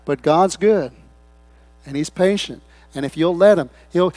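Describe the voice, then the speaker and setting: A pastor preaching a sermon, swinging between loud appeals and hushed, quiet asides, acting out short quoted voices. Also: male voice, sits high, normal speed, no room sound. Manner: acts out people's voices in short quoted bits.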